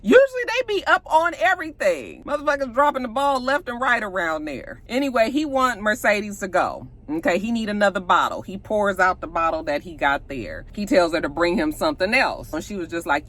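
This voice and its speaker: A woman's voice: medium pitch, brisk, hardly any pauses. A young woman casually recapping a TV episode, cursing and talking back to the characters. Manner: animated, profane, talks back to the characters. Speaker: vlogger reviewing a TV episode.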